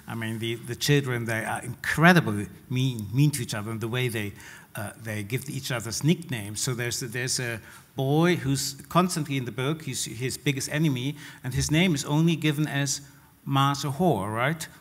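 Man interviewing an author, halting questions. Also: medium pitch. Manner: thoughtful, halting with "uh".

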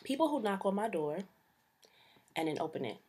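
A woman's voice: mid-range voice, sing-song, fairly quick, noisy background. A young woman ranting to camera about her pet peeves in a sassy, exasperated, slangy way. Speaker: vlogger. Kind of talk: casual comedic rant to camera.

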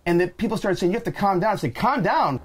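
A man co-hosting a podcast, retelling a bad travel day in an animated, exasperated way and acting out the people in it. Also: sits high, racing. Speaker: podcast co-host. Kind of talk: casual storytelling.

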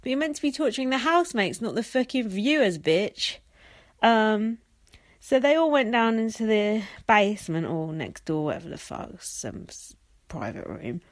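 A woman's voice: fairly high pitch, animated, moderate pace, dry recording. A young woman hosting a podcast, ranting about a reality show with constant swearing and sarcastic, mocking asides. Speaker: podcast host. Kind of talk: profane reality-TV recap rant.

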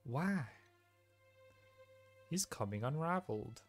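A young man streaming a video game, giving animated, joking commentary and swearing freely. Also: a little high, slow pace, breathy edge, soft background music. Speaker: let's play streamer. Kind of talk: casual gaming commentary.

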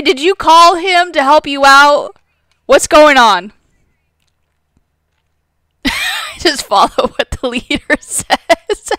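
A young woman live-streaming a retro game, her voice high and bright as she teases her chat and plays up mock outrage between giggles. She talks at an unhurried pace, close to the mic in a dry room. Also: no echo. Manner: playful, teasing, dramatic mock outrage; giggly, laughs often. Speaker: gaming streamer.

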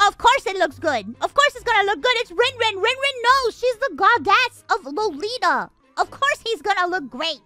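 A woman streamer with a strikingly high, sharp, bright voice vents in casual stream chat. Her pitch leaps all over as she rants, full of exasperation and swearing. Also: normal speed, no room sound, soft background music. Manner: animated, exasperated ranting with frequent swearing.

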